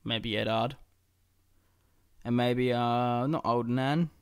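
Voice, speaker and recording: A man's voice: mid-range voice, steady tone, slow, clean tone. A young man hosting a let's-play, casually talking through a strategy game, swearing and laughing as he plays. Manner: casual and chatty, swears and laughs while playing. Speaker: gaming channel host.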